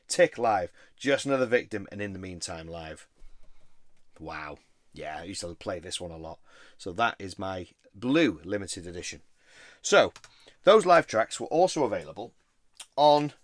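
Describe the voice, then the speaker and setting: A man's voice: low voice, dry recording. A man chatting casually about his record collection, rambling and easily enthused. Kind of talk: casual show-and-tell vlog.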